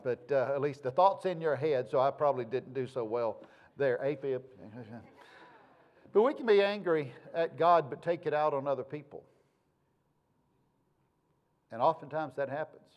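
A man's voice: medium pitch, lively intonation, measured pace, long pauses, dull audio. A male pastor, preaching in a folksy, conversational way with homespun sayings. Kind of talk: sermon.

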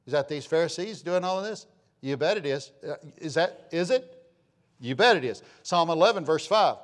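A man's voice: expressive, moderate pace. Fiery preacher man in his sixties. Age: 60s. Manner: fiery, swings from loud scripture reading to low asides. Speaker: pastor. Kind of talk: sermon.

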